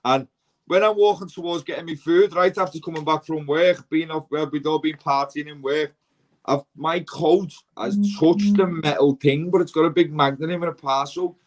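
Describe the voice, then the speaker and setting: A man's voice: on the high side, fairly even intonation, normal speed. A man with a Scouse accent, hosting a casual chat and telling rambling, slangy prison stories full of quoted dialogue. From Liverpool. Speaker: podcast host.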